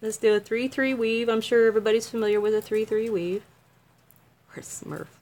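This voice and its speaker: A woman's voice: a little high, steady tone, a little fast, darkish tone. A middle-aged woman making a craft video, chatting casually on a livestream, giggly and self-mocking.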